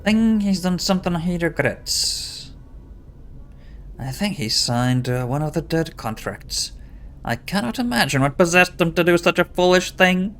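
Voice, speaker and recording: A man's voice: a little high, lively intonation, unhurried, fairly bright tone, slight background noise. A man voicing a wary, worried wife of a hot-tempered husband, in a put-on fake Scottish accent. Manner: hesitant, wary.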